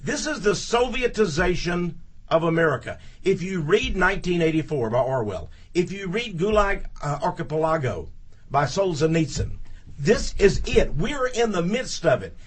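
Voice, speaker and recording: Husky, emphatic male radio guest. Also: high voice, sing-song, normal speed. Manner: emphatic, indignant, repeats for stress. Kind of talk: talk radio interview. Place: radio studio.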